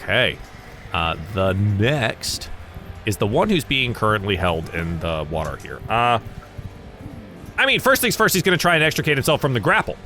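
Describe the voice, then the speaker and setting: A man from the US South running a tabletop game as game master, thinking aloud in a halting way. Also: fairly low pitch, very animated, pushed and bright, soft background music.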